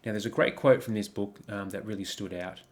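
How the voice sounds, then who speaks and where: A man with a fairly low voice gives a coaching presentation over slides. He talks reflectively, putting question after question to the listener and pausing on frequent ums and restarts. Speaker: life coach.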